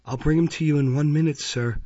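A sly, fawning matron of a baby farm, as a man puts her on in a storybook reading, ingratiating and servile in a slightly raised, husky voice. The recording is dry and dull. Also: a little high, fairly even intonation, fairly quick, dry recording. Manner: ingratiating and servile, sharp with the children.

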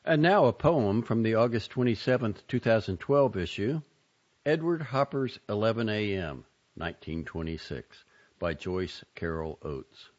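A man reading short fiction and poetry aloud with an expressive, dramatic delivery, in a dull lo-fi recording. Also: lowish voice, measured pace. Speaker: reader.

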